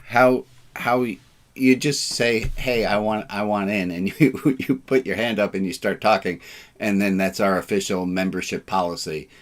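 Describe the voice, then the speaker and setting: A man leading a relaxed, informal service, joking and self-deprecating, with sarcastic asides. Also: lowish voice, normal speed.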